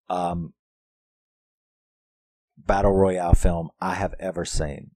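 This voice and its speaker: A man's voice: low voice, darkish tone, no room sound. A man giving a casual, profane review of a horror film, laughing often and acting out lines from it. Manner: profane, laughs often, quotes characters in put-on voices.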